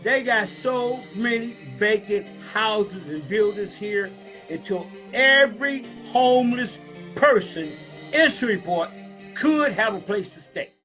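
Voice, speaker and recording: Emphatic guy w a slight louisiana accent, high bright voice, music faint behind. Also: slow. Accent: slight North Louisiana. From Los Angeles. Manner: animated, emphatic, slangy street talk. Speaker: host. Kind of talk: casual chat.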